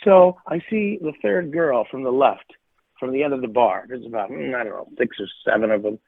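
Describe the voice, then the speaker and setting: In a fairly quick, gravelly, slightly rough voice of medium pitch, a middle-aged podcast co-host delivers casual stories with emphatic repetition. The recording is dry and sounds tinny, like a phone line.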